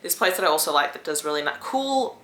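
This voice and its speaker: A young woman in her twenties chatting casually to camera in a vlog, quick and loose, swearing now and then. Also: low voice, expressive, a bit bright, roomy sound. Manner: chatty, swearing, fast bursts of talk. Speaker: vlogger.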